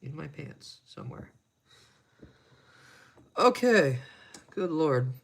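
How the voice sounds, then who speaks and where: Livestreamer fixing watches, a man with crude self-mocking humor and a gravelly edge. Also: on the high side, sing-song, slow, fairly bright tone. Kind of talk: casual live-stream chat while working.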